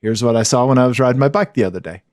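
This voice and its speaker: A man with a high-pitched voice co-hosting a podcast in a casual, chatty way, with frequent yeahs and okays. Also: racing, no echo, studio quality. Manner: animated, chatty, frequent back-channel yeahs. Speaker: podcast co-host. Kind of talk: casual chat.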